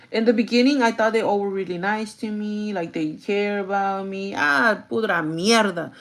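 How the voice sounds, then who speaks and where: A woman's voice: medium pitch, unhurried, darkish tone. A woman chatting casually on a get-ready-with-me livestream, venting and swearing freely, slipping between English and Spanish. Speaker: vlogger.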